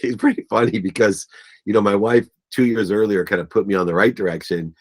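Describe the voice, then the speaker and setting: A man with a fairly low voice speaks as a guest in an interview. He tells emotional personal stories, slipping into the voices of family members, and gets choked up as he goes. His delivery stays earnest and animated through it all. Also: a little fast. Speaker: guest, business coach.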